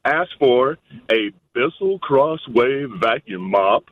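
A man with a deep voice chatting slowly and dryly on a radio show. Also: lively intonation, no echo, phone-quality sound. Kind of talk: casual radio chat.

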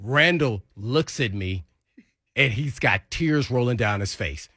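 A man's voice: mid-range voice, unhurried, husky, dry recording, clean studio sound. A man co-hosting a sports talk radio show, telling locker-room stories and acting out other people's voices as he goes. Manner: animated storyteller who acts out others' voices. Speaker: radio show co-host and former pro football player.

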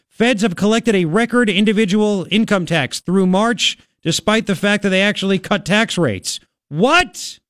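A man hosting a talk radio show in a studio, excitable and rambling, with lots of exclamations. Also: high-pitched, no room sound. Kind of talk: animated talk radio banter.

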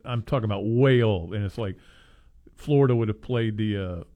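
A man's voice: lowish voice, normal speed, warm tone. A man co-hosting a sports talk show, rambling casually and chuckling as he interrupts himself. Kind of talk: casual sports radio chat.

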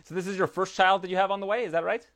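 A man's voice: sits high, fairly even intonation, very fast, fairly bright tone. A man interviewing a fighter, friendly and chatty. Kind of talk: interview questions.

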